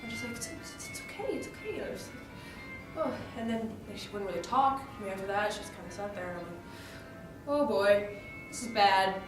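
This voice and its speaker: A woman's voice: mid-range voice, brisk. A woman retelling a play in character in a casual way, full of fillers like "like" and "you know.". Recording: echoey room, voice far from mic, music behind.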